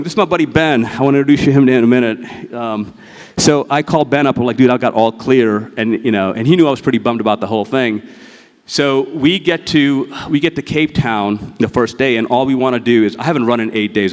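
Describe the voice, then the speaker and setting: A man giving a motivational keynote on stage, telling a personal story, acting out dialogue and swearing freely. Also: mid-range voice. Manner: profane, storytelling, acts out dialogue. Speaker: motivational speaker. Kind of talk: live keynote talk with slides. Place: large event hall. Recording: long hall reverb.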